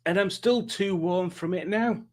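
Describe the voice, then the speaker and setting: A man's voice: sits high, measured pace, slight background noise. A man hosting a live stream, chatting casually and joking while reading out viewer comments. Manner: playful, jokey, chatty asides.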